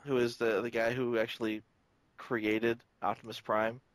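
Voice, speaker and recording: A man co-hosting a podcast in casual chat, animated and fond of acting out quoted lines. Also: mid-range voice, normal speed, dry recording. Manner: animated, hops into quoted voices. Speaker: podcast co-host.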